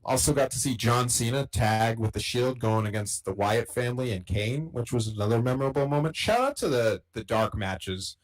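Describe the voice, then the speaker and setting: Relaxed man reading chat. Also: medium pitch, moderate pace, few pauses, low-quality recording. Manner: relaxed, reads out chat comments. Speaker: podcast co-host. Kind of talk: casual live-stream chat.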